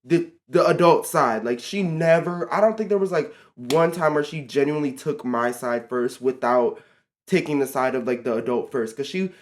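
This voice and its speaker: A young man in his teens telling a storytime vlog in a casual, animated, exasperated way, full of fillers like "like" and "bro". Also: medium pitch, normal speed. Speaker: vlogger.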